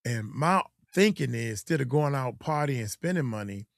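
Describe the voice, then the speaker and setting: A middle-aged man talks in a loose, rambling way, like a coach chatting on a livestream. His pitch sits in an everyday middle range. The sound is dry and close, with no room echo. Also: lively intonation, moderate pace, gravelly. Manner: loose, rambling, acts out quotes in mocking voices. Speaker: host and coach. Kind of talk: casual livestream chat.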